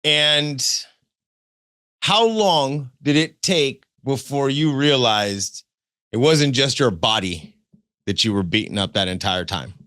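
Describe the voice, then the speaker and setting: A man's voice: medium pitch, expressive, slow, bright, forceful tone, dry recording, clean studio sound. A man hosting an interview, asking questions and giving brief affirmations. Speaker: podcast host.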